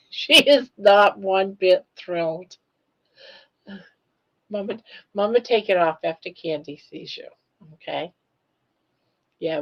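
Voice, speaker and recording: Slow, cooing older woman on stream. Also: mid-range voice. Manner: cooing baby talk to her dog, chatty. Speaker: live stream host. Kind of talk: casual live stream chat. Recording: dull lo-fi stream audio.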